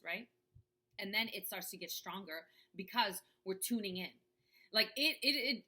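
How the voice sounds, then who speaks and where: A woman with a bright, forceful, mid-range voice coaches viewers in a casual talk to camera. She keeps it conversational and often checks in with "right?" as she goes.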